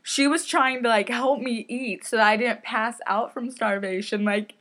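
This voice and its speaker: A woman's voice: a little high, steady tone, moderate pace, a bit bright. A young woman hosting her own podcast, telling a personal story in a rambling, chatty way full of "like" and "um", often apologizing for herself. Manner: rambling, chatty, lots of "like" and "um", self-deprecating. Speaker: podcast host. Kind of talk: casual solo podcast storytelling. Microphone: podcast mic on a stand.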